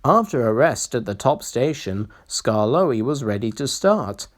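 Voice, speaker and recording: The clip features a read-aloud of a kids' railway storybook; the pace is slow, the reading expressive, the pitch lively.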